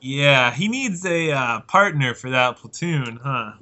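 A man's voice: medium pitch, lively intonation, slow, bright, forceful tone. A man co-hosting a casual sports podcast, trading playful teasing banter. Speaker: podcast co-host. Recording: dull lo-fi sound.

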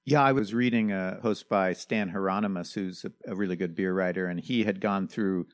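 A man with a fairly low voice co-hosts a relaxed podcast conversation. He asks questions and checks his facts with his partner. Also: normal speed. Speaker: podcast co-host. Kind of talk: casual beer chat.

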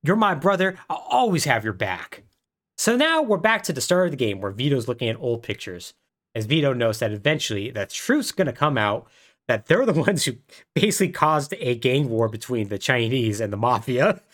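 Animated man recapping a story. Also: mid-range voice, brisk. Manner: animated storyteller, laughs often. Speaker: podcast co-host. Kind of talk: casual chat recapping a plot.

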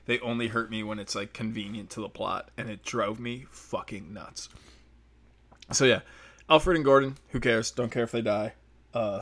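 Young man, casual profane rant, bright tone, mocks with silly quoted voices. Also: medium pitch. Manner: profane, animated, quotes characters in mocking voices. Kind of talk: casual ranting movie review.

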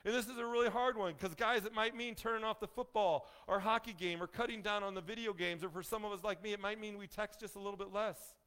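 A male pastor preaching a sermon in a folksy, joking way, slowing down to stress key phrases. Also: high voice, fairly even intonation, fairly bright tone, smooth. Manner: folksy, joking asides to the congregation; emphatic, slows down on key phrases.

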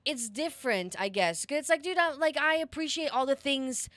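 A woman co-hosting a podcast, with a slightly high voice recorded dry and close. She talks in a chatty, reflective way, full of "like"s and casual swearing. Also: moderate pace, fairly bright tone, dry recording. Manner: chatty, profane, reflective with many fillers. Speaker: podcast co-host. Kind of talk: casual chat.

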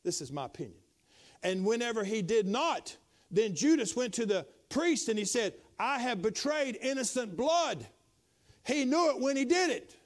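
High-pitched preaching pastor. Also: male voice, expressive, normal speed. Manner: preaching, swinging from low intimate tones to loud exhortation. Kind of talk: sermon.

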